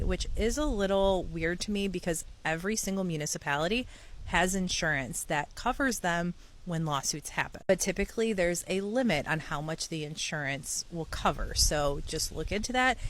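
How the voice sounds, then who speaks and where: A woman with a slightly low voice, worn by an illness that has hung on for weeks. She talks straight to camera, working through practical advice as a numbered list of tips for dealing with local officials. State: sick voice that lingers. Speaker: advocate advising on local government. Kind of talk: direct-to-camera advice video.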